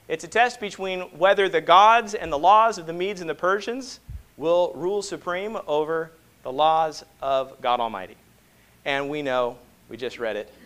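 A man preaching a sermon to a congregation, moving between hushed, slow passages and loud, emphatic ones and often asking rhetorical questions. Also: a little high. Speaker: pastor.

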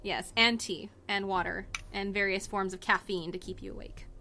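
A woman's voice: mid-range voice, steady tone, moderate pace, over music. Rambling woman game master. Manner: rambling, many fillers and restarts. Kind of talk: narrating a tabletop game.

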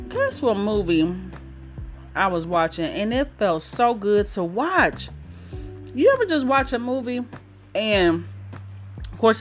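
A woman in her thirties hosting her own podcast in casual chat, candid and talkative, cursing freely and laughing easily. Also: mid-range voice. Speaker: podcast host.

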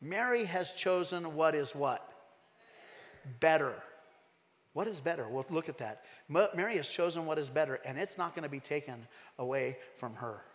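Male pastor, slightly high voice, emphatic sermon, church hall with long reverb. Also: normal speed. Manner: animated, emphatic, asks the congregation questions.

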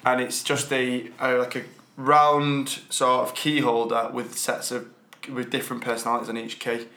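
A man's voice: mid-range voice, level tone, normal speed, bright, forceful tone. Man, casual podcast co-host, rambling delivery, echoey space. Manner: rambling, repeats words, chuckles often. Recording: roomy echo.

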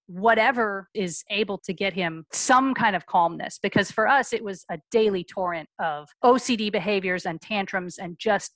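A frank, brisk woman in her forties tells her story as a podcast guest. Her voice sits at an ordinary middle pitch. The sound is dry and close, with no room around it. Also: a bit bright, no echo. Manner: frank, brisk, acts out quoted dialogue. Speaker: guest, mother.

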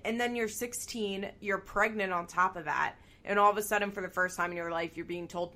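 Chatting animatedly on a podcast she co-hosts, a woman recaps a reality show, laughing frequently and swearing now and then. Her mid-range voice is bright and forceful, fairly quick with few pauses and fairly even intonation.

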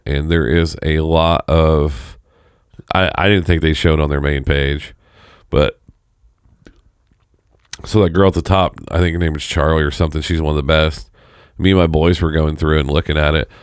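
A man's voice: a bass voice, steady tone, moderate pace, long pauses, clear, resonant tone, no echo, clean studio sound. A man in his thirties on a casual podcast, telling stories and acting out quotes. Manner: storytelling, acts out quotes. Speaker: podcast co-host.

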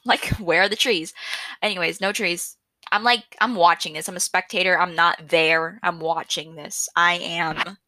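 A young woman rambles through her own podcast with loud, excited energy and a habit of laughing at herself. Her voice is bright and forceful but sits a little low. She is recorded close on a microphone in a dry room. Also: measured pace, no room sound. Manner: chatty, loud and excitable, self-mocking. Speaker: podcast host. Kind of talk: casual solo podcast chat.

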